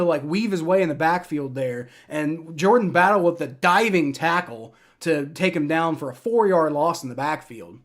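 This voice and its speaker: A man's voice: a little high, normal speed, hardly any pauses. A young man hosting a live play-by-play reaction stream, ranting and swearing in frustration as a fan. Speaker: livestream reaction host.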